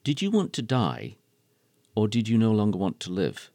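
A man hosting a radio interview, asking deliberate, measured questions. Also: fairly low pitch, huge pitch swings, dark tone, no room sound. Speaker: radio host.

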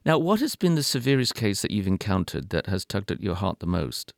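Gravelly man interviewer with lively pitch. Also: brisk, dry recording, studio quality. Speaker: interviewer host. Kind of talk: interview questions.

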